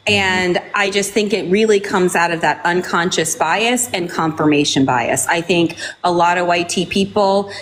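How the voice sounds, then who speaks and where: Low-voiced woman giving firm opinions. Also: normal speed, few pauses, a bit bright, a little hiss or hum. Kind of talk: opinion on a talk show.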